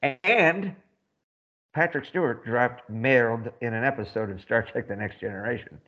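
A man's voice: medium pitch, a little slow. Dry-witted man, dull lo-fi sound. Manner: dry teasing wit. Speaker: podcast co-host. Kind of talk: casual chat.

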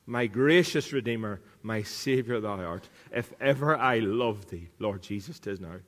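A man's voice: on the low side, unhurried, few pauses, big-room sound. A man preaching a sermon as pastor, earnest, repeating key lines for emphasis. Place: church.

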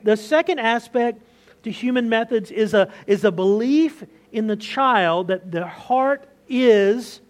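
High-voiced man preaching a sermon. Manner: conversational preaching with rhetorical questions and restarts. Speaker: pastor.

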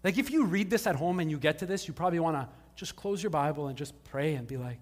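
Before a live congregation at a church service, a male pastor preaches a casual, conversational sermon sprinkled with jokes. He talks fast and animatedly with few pauses, his pitch fairly high, and the sound has a big-room quality.

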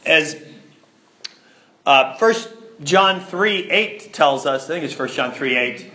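A man preaching a sermon as pastor, emphatic and animated, repeating words to stress a point. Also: on the high side, takes it slowly, roomy sound.

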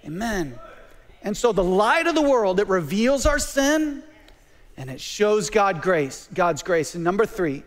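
A male pastor with a high voice preaches to his congregation, calling out for amens and then sinking to a near whisper. His voice rings with a long reverb from a church sanctuary. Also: big pitch swings, unhurried. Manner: call-and-response preaching, swinging from loud to hushed. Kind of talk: sermon.

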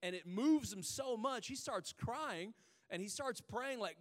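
High-voiced pastor in a reverberant hall. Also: male voice, expressive. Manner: conversational storytelling, drawn-out emphatic pauses. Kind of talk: sermon.

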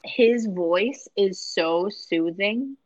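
A woman's voice: medium pitch, drawn-out words, darkish tone, dry recording, lo-fi sound. A young woman co-hosting a casual podcast chat, gushing and laughing often. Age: young adult. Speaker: podcast co-host.

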